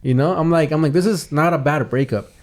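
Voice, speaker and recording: A man's voice: a little high, fairly quick, a little mellow. A young man telling a long personal story on a podcast, casual and rambling, swearing often and restarting his sentences. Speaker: podcast host.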